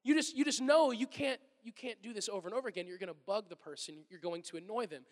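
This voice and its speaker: A pastor in his thirties preaches a conversational sermon in a large hall, speaking fast in a high-pitched voice. He's animated and acts out little everyday scenes.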